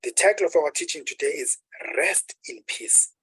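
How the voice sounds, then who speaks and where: Husky, breathy-voiced man preaching. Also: fairly high pitch, no echo, low-quality recording. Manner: unhurried teaching with rhetorical questions, dropping to a hush on calm words. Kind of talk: sermon.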